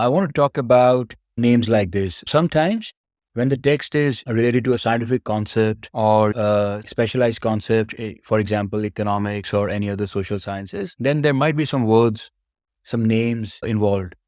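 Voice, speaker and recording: A man's voice: medium pitch, a little mellow, dry recording, clean studio sound. A man teaching exam speaking skills, explaining step by step and addressing learners directly in a patient way.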